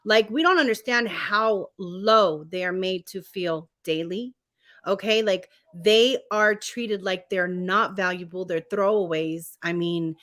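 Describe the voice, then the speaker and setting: A woman co-hosts a podcast in an easy, casual chat. Her voice is bright and sits at a middle pitch. She talks with emphasis and turns animated when she acts out how other people react. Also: slow. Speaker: podcast co-host.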